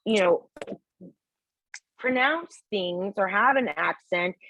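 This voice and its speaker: A woman's voice: mid-range voice, expressive, slow pace, a bit bright, highs cut off. A woman teaching a test-prep lesson in a chatty way, acting out bits of classroom talk. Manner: chatty, acts out classroom dialogue. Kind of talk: casual explanatory lesson.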